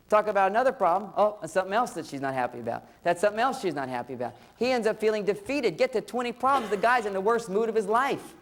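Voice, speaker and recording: Animated middle-aged man lecturing. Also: a little high. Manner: animated, acts out spouses' lines in quoted voices; conversational, addresses listeners directly. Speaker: relationship lecturer. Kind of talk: humorous seminar talk to a live audience.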